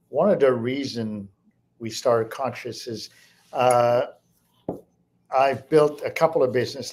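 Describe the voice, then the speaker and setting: Older male guest, French Canadian accent, reflective and halting, mid pitch. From French-speaking Canada. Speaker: guest, entrepreneur. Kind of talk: interview answers.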